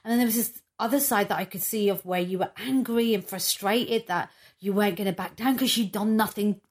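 A woman interviewing a guest in a measured, reflective way. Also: mid-range voice. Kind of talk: interview questions.

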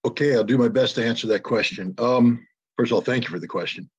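A man answering a question on a panel, giving measured analysis with many pauses and fillers. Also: medium pitch, breathy edge, dry recording, lo-fi sound. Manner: measured, many ums and uhs. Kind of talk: analytical commentary.

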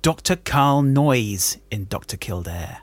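A man hosting a casual chat, eagerly chiming in with quick agreements and laughs. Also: mid-range voice, lively intonation. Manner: eager back-channelling, lots of quick yeahs.

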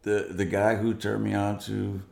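Gravelly-voiced man telling a story. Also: on the low side, measured pace, echoey room. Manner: animated, acts out quoted dialogue. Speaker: guest musician. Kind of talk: storytelling interview.

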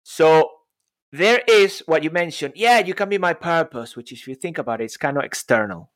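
An energetic man talking through ideas on a casual podcast. His voice sits fairly high and he sounds eager and playful, jumping between earnest points and jokes. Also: moderate pace. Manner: enthusiastic, playful, bursts into song. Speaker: podcast co-host.

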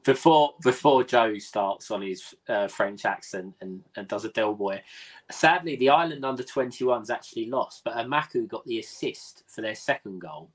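Man, co-host, low voice, thoughtful, measured analysis, casual podcast. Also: expressive. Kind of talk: casual live podcast chat.

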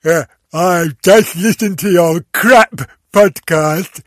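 A man putting on a loud, blunt, mocking voice for a rude male heckler. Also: high-pitched, takes it slowly, no room sound, clean studio sound, exaggerated voice. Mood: gruff mockery. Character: loud gruff male heckler reading his own rude note.

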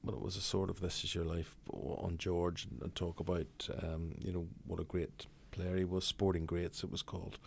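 A Northern Irish man in his sixties, a broadcaster telling lively, blunt anecdotes as an interview guest. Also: low-pitched, normal speed, vocal fry, hardly any pauses, slight background noise. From Northern Ireland. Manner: lively raconteur, blunt, swears freely. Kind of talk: anecdotal storytelling in conversation.

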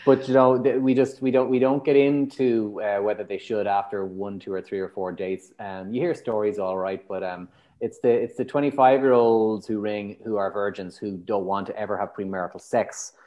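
A man's voice: fairly low pitch, normal speed, dull audio. A man with an Irish accent, a matchmaker guest on a podcast, telling candid stories and acting out his clients' lines. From Ireland. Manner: animated storyteller, acts out clients' lines. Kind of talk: candid conversational interview.

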